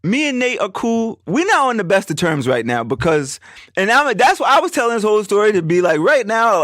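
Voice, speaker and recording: A young man hosting a podcast alone, telling a story in a rambling, animated way, swearing often and acting out what his friends said. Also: high-pitched, dry recording, clean studio sound. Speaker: podcast host. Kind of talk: casual solo podcast storytelling.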